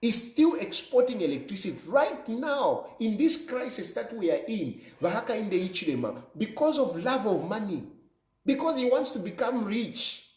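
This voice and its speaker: A man's voice: high-pitched, big pitch swings, normal speed, a little mellow, reverberant. A Zambian man delivering an emphatic political monologue, repeating phrases for effect in an accusing tone. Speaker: political commentator.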